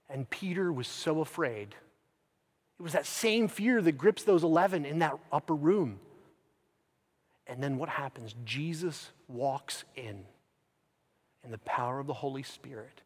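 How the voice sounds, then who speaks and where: A man's voice: on the high side, expressive, a little slow. Emphatic male preacher in reverberant church. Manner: swings from loud emphatic bursts to hushed near-whispers. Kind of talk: sermon.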